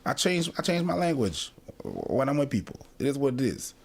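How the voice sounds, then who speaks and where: A man's voice: mid-range voice, sing-song, normal speed, vocal fry, a little mellow. A man in a casual discussion who speaks bluntly and swears freely, clip played from another video.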